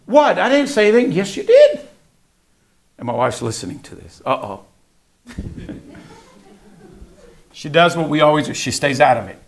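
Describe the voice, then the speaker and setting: Gravelly preacher telling a family story. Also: male voice, medium pitch, a bit bright. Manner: storytelling, acts out family dialogue. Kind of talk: sermon.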